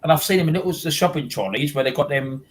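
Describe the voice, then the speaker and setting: A man's voice: a little high, fast talker, rough recording. A man, hosting a casual chat and rambling with many restarts and repeated words. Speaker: host.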